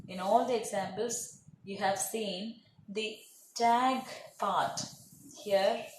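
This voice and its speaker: A woman teaching English grammar, explaining slowly and deliberately and repeating example phrases. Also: mid-range voice, a little mellow. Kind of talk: grammar lecture. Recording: echoey room, faint noise.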